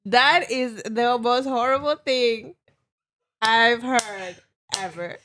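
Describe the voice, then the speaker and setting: A woman's voice: fairly high pitch, slow, fairly bright tone, slight background noise. A woman in casual chat with a friend, teasing, blunt, swearing freely and laughing often.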